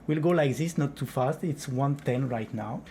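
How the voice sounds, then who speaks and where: A man's voice: medium pitch, moderate pace, warm tone, a little hiss or hum. A man teaching flamenco rhythm and clapping, explaining step by step and counting beats aloud.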